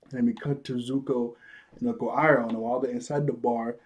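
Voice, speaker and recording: A man talks through an episode he watched in a relaxed, rambling way, laughing easily along the way. His delivery is loose and conversational, full of fillers. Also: mid-range voice, brisk. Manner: loose, chatty, laughs often, lots of "like". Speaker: show reviewer. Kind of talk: casual episode recap.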